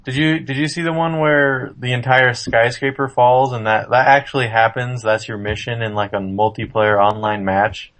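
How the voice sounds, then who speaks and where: A man joining a casual gaming podcast as a guest, excitable and crude in his slang. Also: medium pitch, moderate pace, few pauses. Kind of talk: casual chat.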